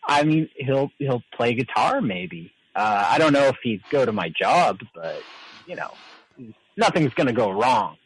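A man calls in to a talk show, relaxed but stumbling over his words as he talks. His pitch swings widely, and his voice sounds dry and close with no room echo. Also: measured pace, slightly rough. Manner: hesitant, stammering, easygoing. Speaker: caller. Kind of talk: casual phone-in chat.

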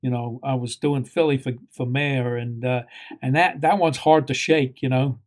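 Halting male actor guest. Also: mid-range voice, steady tone, darkish tone. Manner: halting, lots of fillers. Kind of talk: conversational interview.

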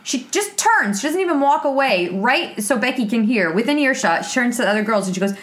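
Woman podcaster gabbing about an old sitcom, lively, acts out the quotes. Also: on the high side. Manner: animated, quotes lines in quick bursts. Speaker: podcast co-host. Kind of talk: casual chat recapping a sitcom episode.

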